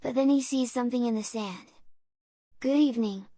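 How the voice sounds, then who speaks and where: Clear, measured woman reading a storybook. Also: fairly high pitch, steady tone, warm tone, dry recording. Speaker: story narrator. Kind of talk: scripted storybook narration for English learners.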